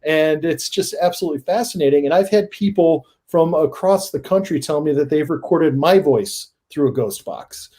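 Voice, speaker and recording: A man guest on a paranormal podcast, telling his stories in a casual, animated way that rises into excited emphasis. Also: a little high, moderate pace, hardly any pauses. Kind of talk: casual storytelling in a podcast interview.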